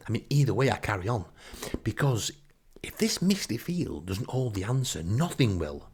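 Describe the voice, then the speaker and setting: Middle-aged northern english bloke, low-ish voice, dry exasperated comic storytelling. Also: male voice, moderate pace, breathy edge. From Northern England. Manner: wry, exasperated, deadpan grumbling. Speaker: podcast storyteller. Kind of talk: comic first-person storytelling.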